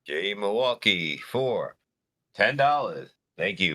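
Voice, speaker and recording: A man's voice: on the low side, very animated, slow pace, pushed and bright. A man co-hosting a live comedy stream, joking his way through paid messages. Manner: joking, stumbling reads. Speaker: co-host reading super chats.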